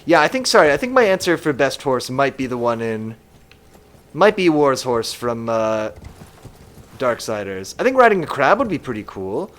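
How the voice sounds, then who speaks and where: A man's voice: medium pitch, sing-song, normal speed, a bit bright. A man casually musing aloud while streaming a game live and reading chat comments.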